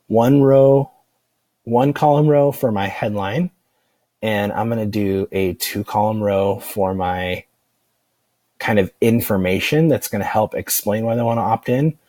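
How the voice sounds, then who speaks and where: A man walking through a software tutorial in a relaxed, rambling way, with plenty of fillers and restarts. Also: lowish voice, a little slow, no echo. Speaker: online marketing instructor. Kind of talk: casual screen-recorded software tutorial.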